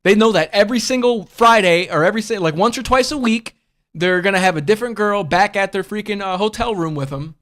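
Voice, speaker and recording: A man with a notably high voice hosts a loose livestream podcast. He rambles, swears freely and keeps calling his listeners bud and bro. He speaks bluntly and comes back to the same points again and again. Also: brisk, a bit bright. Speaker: podcast host. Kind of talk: casual livestream podcast chat.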